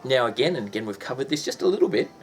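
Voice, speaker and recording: A man's voice: mid-range voice, expressive, rapid-fire, faint music behind. A man teaching a casual lesson, chatty and full of ums and restarts, breaking into sound effects.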